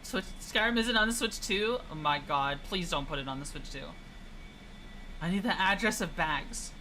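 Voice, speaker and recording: Playful bright-voiced woman streamer. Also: lowish voice, animated, moderate pace, a little hiss or hum, low-quality recording. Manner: playful, teasing, chatty. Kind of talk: casual gameplay chat.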